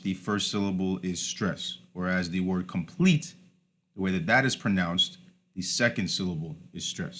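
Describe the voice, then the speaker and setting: A man's voice: deep voice, a bit bright. A man teaching a recorded lesson over slides, informal, often starting with "all right" and correcting himself.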